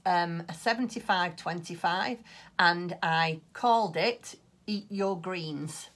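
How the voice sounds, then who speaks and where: A woman's voice: deep voice, a bit bright, breathy edge. A woman chatting casually on her craft podcast, rambling along with plenty of ums. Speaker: crochet and knitting podcaster.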